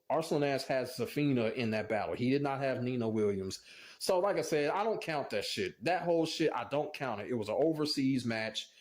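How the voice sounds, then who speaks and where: A man's voice: medium pitch, a little mellow. A man commentating on fighting games in a ranting, profane way, groaning in disbelief over and over. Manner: profane and exasperated, repeats "oh my God, man".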